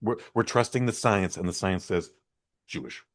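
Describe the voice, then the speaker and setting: A man with a lowish voice trading wry, self-deprecating jokes on a podcast. His tone stays casual and dry, with an easygoing, conversational pace. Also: moderate pace. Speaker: podcast co-host. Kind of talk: casual chat.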